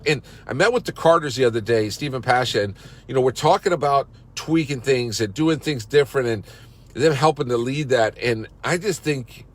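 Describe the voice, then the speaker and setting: A man hosts a live broadcast from a park, pushing his pitch with eager, salesy energy. His voice sits at an everyday middle pitch as he talks into a phone, rallying viewers like a company chief. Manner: fired-up, salesy pep talk. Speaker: company CEO. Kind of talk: live social-media broadcast. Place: outdoors in a park.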